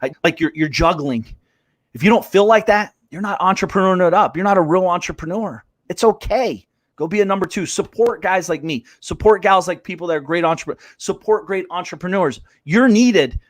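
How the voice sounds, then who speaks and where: A man's voice: sits high, brisk, dry recording, studio quality. A man hosting a live business show, ranting bluntly and swearing as he acts out voices of others. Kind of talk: fired-up motivational rant.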